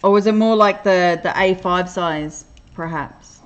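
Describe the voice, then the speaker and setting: A woman's voice: lowish voice, a little slow, dull audio. Chatty Australian woman livestreaming. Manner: chatty, laughs often, reads comments aloud. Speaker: livestream host. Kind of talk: casual chat reading live comments.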